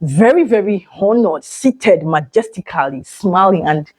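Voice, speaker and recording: A woman, chatting excitedly and emotionally to her viewers in a vlog. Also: fairly low pitch, unhurried, slightly rough, dry recording, low-quality recording. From Nigeria. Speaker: vlogger. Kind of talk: casual vlog chat.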